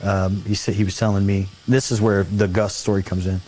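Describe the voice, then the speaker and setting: A man with a lowish voice tells a rambling anecdote on a casual talk show. He jumps into quoted voices and laughs along the way. A faint hiss of noise sits under the recording. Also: fairly quick. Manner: animated anecdote-telling, acts out quoted voices, laughs often. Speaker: show host. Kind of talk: casual storytelling chat.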